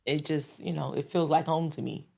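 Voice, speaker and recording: A woman in her thirties with a New York accent and a low voice talks easily as an interview guest. She circles back on her words, restarting often. Laughter breaks into her phrases. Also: brisk, gravelly. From the Bronx, New York. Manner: animated and laughing, with many restarts and fillers. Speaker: guest recording artist. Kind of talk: casual interview chat.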